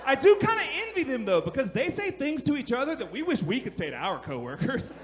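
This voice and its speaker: A man in his thirties performing a brash stand-up comedy set on a club stage, shouting his punchlines. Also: extremely high pitch, sing-song, quick pace. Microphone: handheld stage mic. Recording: live club recording with crowd noise. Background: audience laughter.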